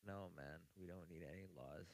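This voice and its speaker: Deep-voiced joking man, hesitant. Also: brisk, low-quality recording. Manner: hesitant, joking, full of fillers. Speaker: panel guest. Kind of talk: casual online panel chat.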